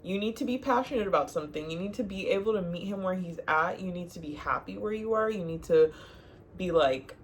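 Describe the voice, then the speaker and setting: Young woman, sassy vlogger, low-set voice, faint hiss. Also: fairly quick. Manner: sassy, animated, laughs often, talks to viewer as girl. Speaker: advice vlogger. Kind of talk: casual advice monologue.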